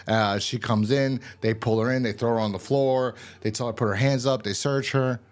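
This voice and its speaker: A man's voice: mid-range voice, fairly even intonation, fairly quick. A man giving a casual, rambling and profane review of a TV episode. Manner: rambling, profane, full of fillers and restarts.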